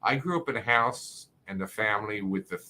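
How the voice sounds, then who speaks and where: A man's voice: fairly low pitch, fairly quick, pushed and bright, slight background noise. A man with a South Jersey accent hosting a casual livestream, rambling, swearing and reading viewer comments aloud. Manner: rambling, profane, reads chat comments aloud.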